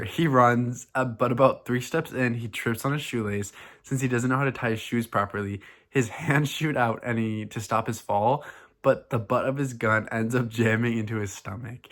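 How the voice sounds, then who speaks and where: Man deadpan-reading silly fan fiction. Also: lowish voice. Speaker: vlogger.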